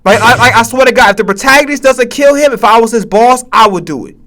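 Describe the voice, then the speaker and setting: A man's voice: very high-pitched, fast talker, sharp tone. A man streaming live, giving reaction commentary in a profane, stammering, rant-like way from his home setup. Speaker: Twitch streamer.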